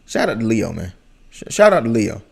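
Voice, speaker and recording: A man hosting a casual reaction chat, talking in an animated, slangy way and often repeating his phrases. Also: fairly low pitch, brisk, vocal fry, breathy edge. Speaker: reaction channel host.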